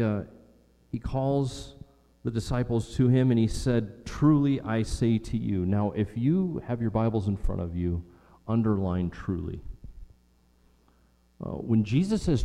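Deep-toned preacher in a reverberant hall. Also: male voice, mellow. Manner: emphatic preaching with repetition and rhetorical questions. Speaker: pastor. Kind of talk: sermon.

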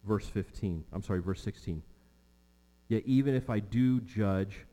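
A man's voice: on the low side, moderate pace, mellow, long reverb tail. A man preaching an expository sermon, stressing key words and repeating his main lines.

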